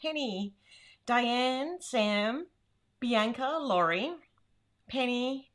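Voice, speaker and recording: A woman's voice: on the high side, expressive, extremely slow, fairly bright tone. An Australian woman hosting a casual livestream from home, chatty and laughing often as she greets viewers by name. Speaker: livestream host. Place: home room.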